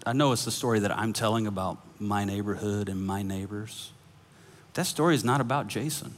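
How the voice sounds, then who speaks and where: A man preaching a sermon as pastor, telling a story with animated acted-out dialogue and laughter. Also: on the low side. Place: church sanctuary. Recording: long hall reverb.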